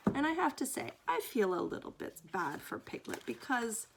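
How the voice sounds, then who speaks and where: A woman reading a children's book aloud, expressive and fond, often dropping into hushed whispers. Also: a little high, moderate pace, gravelly, noisy background. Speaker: storyteller.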